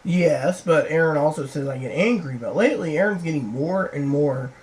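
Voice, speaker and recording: A woman's voice: sits low, expressive, moderate pace, a little mellow, low-quality recording. A woman vlogger rambling through personal stories, acting out what other people said. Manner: rambling, acts out quoted people. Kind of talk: rambling personal storytelling to camera.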